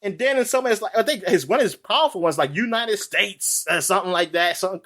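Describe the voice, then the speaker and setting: A man co-hosting a podcast, talking in casual chat that rambles, with quick asides and frequent laughs. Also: high voice, lively intonation, sharp tone. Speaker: podcast co-host.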